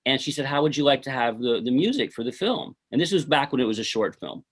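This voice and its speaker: A middle-aged man speaks in a relaxed, unhurried way as he is interviewed about his own film. He rambles through anecdotes and scatters fillers like "you know" and "uh" between his thoughts. His pitch sits at an ordinary middle level. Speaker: filmmaker being interviewed. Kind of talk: casual interview storytelling.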